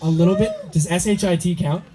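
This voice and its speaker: A man's voice: high-pitched, fairly even intonation, fast talker, warm tone. A young man giving a rambling, joking wedding toast for his brother, slightly tipsy and laughing often as he talks into a handheld mic. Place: wedding reception party. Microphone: handheld microphone. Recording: noisy party crowd. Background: crowd chatter and laughter.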